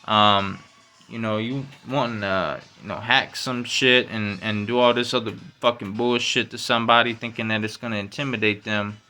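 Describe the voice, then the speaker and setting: A man hosting his own podcast, rambling in loose, profane slang and dropping "you know, man" all over. His voice is bright and forceful, and he climbs loud and high when he gets fired up. Faint music plays underneath. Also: steady tone, moderate pace. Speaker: podcast host. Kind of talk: casual solo podcast rant.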